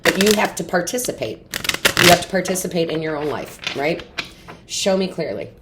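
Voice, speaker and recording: A tarot reader with a lowish, expressive voice gives an intuitive reading to camera at a moderate pace, with heavy noise in the background. She is earnest and encouraging, often posing rhetorical questions, yet sounds tearful and emotionally overwhelmed.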